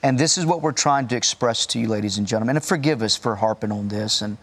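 A man co-hosting a Christian talk show, making earnest, measured statements about giving and faith. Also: mid-range voice, a bit bright. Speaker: co-host, teacher on giving. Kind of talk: preaching in conversation.

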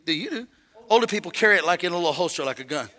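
An older man preaching a sermon, telling a family story with call-and-response and shouts at the high points. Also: animated, rapid-fire, big-room sound, very noisy. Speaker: pastor. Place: church sanctuary.

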